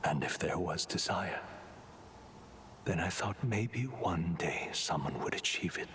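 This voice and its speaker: An actor playing a mysterious, condescending male author in a video game, speaking in a slow, hushed, breathy whisper. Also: low voice, a little hiss or hum, full character voice. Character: mysterious grandiose male author, cold and lecturing.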